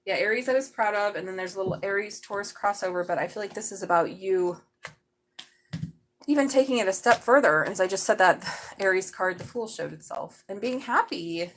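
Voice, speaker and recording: A middle-aged woman reads tarot live, her talk loose and chatty. She gets excited and swears freely. Her voice sits at an ordinary middle pitch for a woman. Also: a little fast, slight background noise, poor audio. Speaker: tarot reader.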